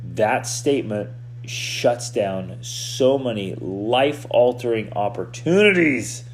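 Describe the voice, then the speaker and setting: A man hosts a podcast as a coach, delivering an animated motivational talk in which he often restarts and repeats words. His voice is medium-pitched and slow, with slight background noise.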